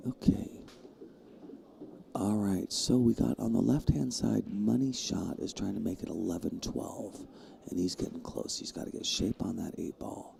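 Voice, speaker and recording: Low gravelly man commentating pool. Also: normal speed, noisy background. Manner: jokey, self-mocking, jumps to high excited bursts. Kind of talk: live stream commentary.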